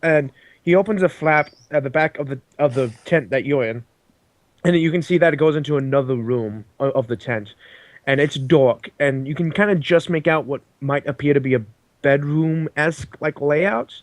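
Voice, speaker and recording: A man with a fairly high voice narrates as game master of a tabletop role-play game. He talks haltingly, with many ums and restarts, on a dry, close microphone. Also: no room sound.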